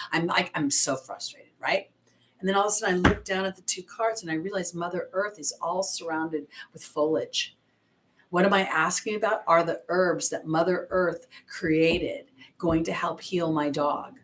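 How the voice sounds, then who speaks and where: A woman's voice: sits low, normal speed, fairly bright tone. A woman, an intuitive astrologer, giving a casual oracle card reading and chatting expressively straight to her viewers.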